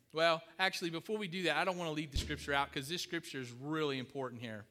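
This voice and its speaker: A man's voice: mid-range voice, pushed and bright, long reverb tail. A middle-aged man preaching a sermon, emphatic, repeating key phrases and asking his congregation questions. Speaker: pastor.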